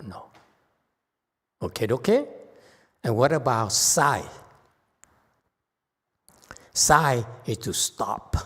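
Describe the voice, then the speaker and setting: A slow-paced male teacher delivers a Dharma talk to a live crowd, posing questions to them and becoming animated in his explanations. He has a lowish voice with a breathy edge, echoing in a long hall reverb.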